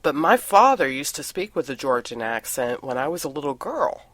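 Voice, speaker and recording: A woman co-hosts a relaxed podcast chat with a bright, forward voice. She tells stories in a loose, talkative way and laughs often. The sound is dry and close, with no room echo. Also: very deep voice, normal speed. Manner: chatty, laughs often while telling stories. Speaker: podcast co-host.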